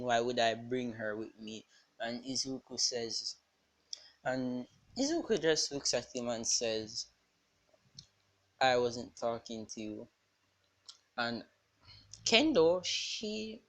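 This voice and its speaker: A speaker improvising a fan-fiction story aloud, rambling and halting, with many fillers and restarts. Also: mid-range voice.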